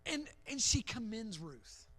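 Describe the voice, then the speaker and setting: A man's voice: very high-pitched, sing-song, a little slow, fairly bright tone. A man, a pastor, giving an evening Bible lesson as an imaginative story, often repeating words as he goes. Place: church.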